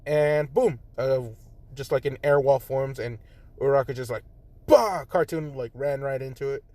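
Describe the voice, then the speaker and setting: A man's voice: medium pitch, flat delivery, moderate pace, mellow, no echo. A man improvising a fan story in a rambling, casual way, full of fillers, recorded on a phone.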